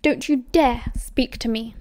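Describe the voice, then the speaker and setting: A woman's voice: a little high, unhurried, a little mellow, dry recording, studio quality, lightly acted. A woman with a British accent voicing a cold, imperious aristocratic mother in an audiobook, clipped and commanding.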